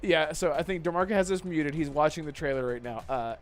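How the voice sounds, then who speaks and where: A man hosting a gaming podcast in casual chat, excitable and laughing often as he rants. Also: a little high, fairly quick. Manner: excitable, laughs often, swears while ranting. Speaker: podcast host.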